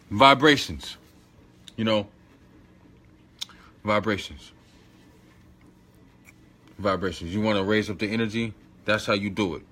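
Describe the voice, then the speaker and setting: A man's voice: on the low side, fairly bright tone. A man giving an informal spiritual lesson, slangy and emphatic, repeating phrases and coaching the listener directly. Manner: talks straight to the listener, coaching tone. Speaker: spiritual teacher.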